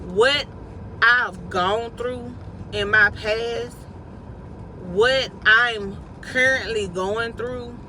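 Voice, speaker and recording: A woman vlogger giving a casual, inspirational faith talk, repeating lines slowly for emphasis in slangy, everyday phrasing. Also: a little high, sharp tone, a little hiss or hum, rough recording. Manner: slow, repetitive, preacherly emphasis.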